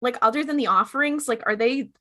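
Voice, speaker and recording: Bright-voiced woman podcast co-host. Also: on the high side, fast. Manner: animated, acts out characters' lines while retelling. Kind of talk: casual recap chat.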